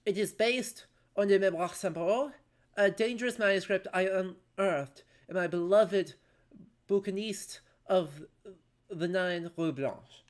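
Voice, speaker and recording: A streamer voicing a stately English gentleman narrator, reading game text slowly and gravely in an English accent. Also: mid-range voice, natural voice. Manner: slow, grave, formal warnings.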